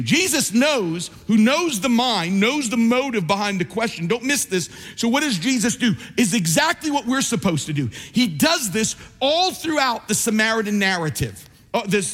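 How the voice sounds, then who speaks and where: Animated, high-voiced preacher in a reverberant hall. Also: male voice. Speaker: pastor. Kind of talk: sermon. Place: church sanctuary.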